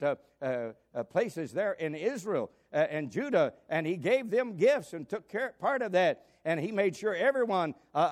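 An older man preaching a sermon, swinging between loud emphatic exclamations and soft asides. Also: high-pitched. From United States.

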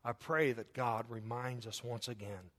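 A male pastor delivers a sermon in a church, his voice sitting at an ordinary middle pitch. He preaches fervently, driving points home by repeating phrases in a steady rhythm. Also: measured pace. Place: church sanctuary.

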